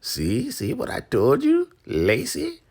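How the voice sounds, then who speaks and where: Brief: squealing, outraged elderly woman elder, high falsetto, a man putting her on. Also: animated, brisk, creaky, breathy edge, exaggerated voice. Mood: gleeful. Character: shrill indignant elderly woman cult elder.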